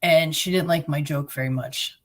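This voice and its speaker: A woman's voice: sits low, normal speed. A middle-aged woman from New Jersey with a Jersey accent, bluntly and sarcastically telling her own story as a guest. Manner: blunt, sarcastic, plain-spoken. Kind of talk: personal storytelling.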